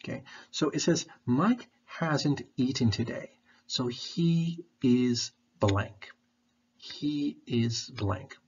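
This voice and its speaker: A male English teacher works through a lesson patiently, repeating questions and explaining slowly while sucking on a throat candy. His mid-range voice is husky and a little mellow, with lively intonation. The recording sounds dull and lo-fi.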